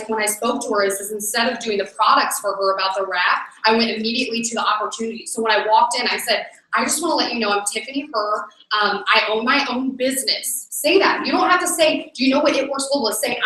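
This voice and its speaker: A woman's voice: fairly high pitch, fast talker, few pauses. A woman leading a team meeting, giving an upbeat motivational talk and speaking straight to the audience. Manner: upbeat, energetic, addresses the audience directly. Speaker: network marketing team leader. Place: meeting room. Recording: echoey room, mic from far off.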